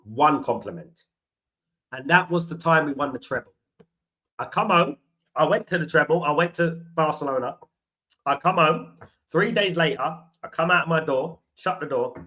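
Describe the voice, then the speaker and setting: A man hosts a football watchalong stream, rambling through stories and calling his viewers guys and mate. His voice is bright and sits slightly high, with a loose, casual chat style. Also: moderate pace, low-quality recording. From London. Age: 40s. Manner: chatty storytelling, addresses viewers as guys and mate. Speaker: host of a football fan watchalong.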